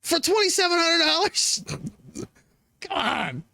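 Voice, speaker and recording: A man rants as he reacts to clips, swearing and sneering, tripping over his own words. His pitch leaps up and down all the time, and the sound is close and dry. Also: big pitch swings, takes it slowly, creaky, sharp tone, no echo. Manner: profane, sarcastic, rambling with many restarts. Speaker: host reacting to political clips. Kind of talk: profane ranting commentary.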